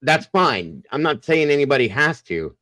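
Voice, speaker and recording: A man's voice: mid-range voice, big pitch swings, normal speed, bright, forceful tone, dry recording, poor audio. Blunt, cussing man hosting. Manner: blunt and profane when heated. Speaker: host. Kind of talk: casual chat.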